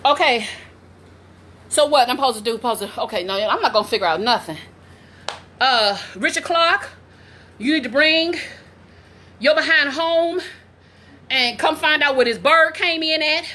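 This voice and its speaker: Very high bright-voiced woman in her 40s, loud and excitable, swearing and laughing on a home vlog. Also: normal speed, long pauses, a little hiss or hum. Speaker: vlogger and mother. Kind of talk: casual vlog. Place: at home, indoors.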